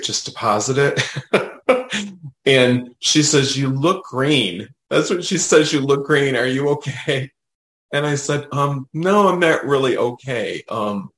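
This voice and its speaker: A man, a medium, telling a personal story in casual conversation, animated and full of fillers, acting out what others said. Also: fairly low pitch, reverberant, poor audio. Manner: animated, retells dialogue, many fillers. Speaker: medium, podcast guest.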